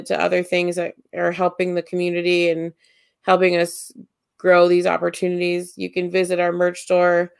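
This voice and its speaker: A woman's voice: on the low side, vocal fry, clear, resonant tone, dry recording, studio quality. A woman co-hosting a podcast, chatting casually with lots of fillers and restarts as she wraps up the episode. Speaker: podcast co-host.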